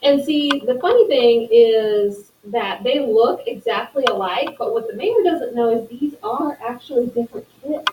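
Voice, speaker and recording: A woman teacher telling children a story, animated and playful, acting out the characters. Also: a little high, normal speed, few pauses, recorded from a distance, muffled recording. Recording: echoey room, voice from afar, faint noise.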